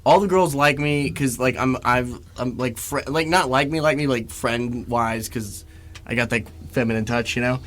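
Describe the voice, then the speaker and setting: A man in his twenties co-hosting a comedy podcast, telling stories in a casual, animated way, laughing often. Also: medium pitch, normal speed, slight background noise. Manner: animated, laughs a lot, acts out other people in loud voices. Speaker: podcast co-host.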